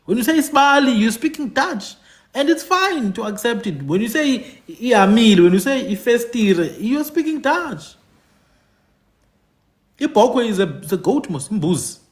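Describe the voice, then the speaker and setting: Man, emphatic talk-show commentary, high and swooping delivery. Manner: emphatic, repeats points, asks "hmm?". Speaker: podcast host. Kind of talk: animated commentary.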